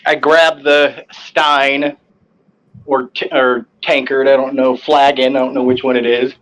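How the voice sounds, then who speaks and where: A man's voice: medium pitch, little pitch movement, unhurried, a bit bright, poor audio. A man playing a tabletop game, hesitant and searching for words. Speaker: player.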